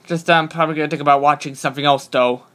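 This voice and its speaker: A man's voice: on the high side, fairly even intonation, rapid-fire, fairly bright tone. A man streaming live, talking casually in a hesitant, apologetic, rambling way.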